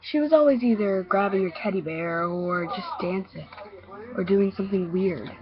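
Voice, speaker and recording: A woman narrating a first-person creepy story in a hesitant, halting way, in a dull lo-fi recording. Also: medium pitch, crowd noise. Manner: hesitant, halting, with repeated restarts.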